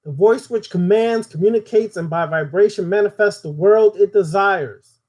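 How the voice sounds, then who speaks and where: A man's voice: sits high, normal speed, darkish tone. A man giving a spoken occult lesson, preaching and putting questions to his audience. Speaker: occult teacher.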